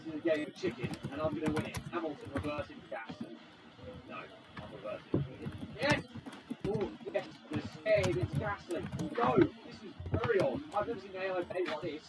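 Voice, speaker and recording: A man giving excitable live commentary over a racing game he is playing. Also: high-pitched, normal speed. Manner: excitable, exclaiming at the action. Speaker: gaming commentator. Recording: distant mic under loud game noise. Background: loud racing game engine sounds.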